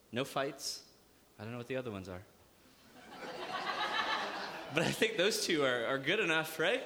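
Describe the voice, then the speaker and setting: Pastor, man, lively, joking sermon, hall reverb. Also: mid-range voice. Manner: lively preaching with jokes and acted-out asides. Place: church hall.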